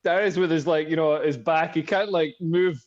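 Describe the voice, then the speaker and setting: A man's voice: fairly high pitch, fairly even intonation, a little fast. A man co-hosting a podcast, telling a rambling comedic anecdote in casual chat full of fillers. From Britain. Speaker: podcast co-host. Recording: dull lo-fi podcast audio.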